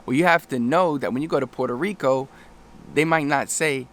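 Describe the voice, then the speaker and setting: A man's voice: medium pitch, fast. A man talking casually to camera as a language coach, loose and rambling, often restarting his sentences and acting out little quoted exchanges. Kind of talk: casual talking-head lesson.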